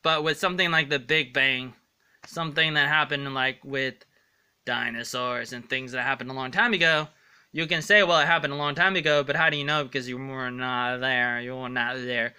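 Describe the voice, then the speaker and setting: Rambling man with a bright, clear voice. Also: mid-range voice, fairly even intonation, moderate pace. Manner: rambling, stumbling over words, earnest. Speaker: vlogger. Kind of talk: rambling casual vlog monologue.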